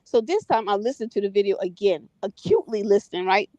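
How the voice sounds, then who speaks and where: A woman from the United States chats casually, retelling a story and often checking in with "right?" and "you know." Her voice is mid-range, darkish and fast, with lively intonation. The recording is dull, dry lo-fi audio with no echo.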